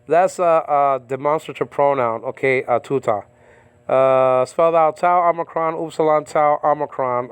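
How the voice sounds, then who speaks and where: A man works through a biblical Greek lesson in a casual, halting way, pausing on fillers and tossing in "okay?" as he goes. His voice is smooth and clear, recorded up close in a dry, dead space. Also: medium pitch, dry recording. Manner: halting, many fillers and repeated okays. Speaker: Bible teacher. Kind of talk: informal verse-by-verse language lesson.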